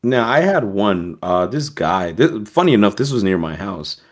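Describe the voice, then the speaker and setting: A man co-hosting a podcast, telling a profane, animated story in casual chat. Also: on the low side, normal speed. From East Coast US. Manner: profane, animated storyteller, acts out quoted voices. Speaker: podcast co-host.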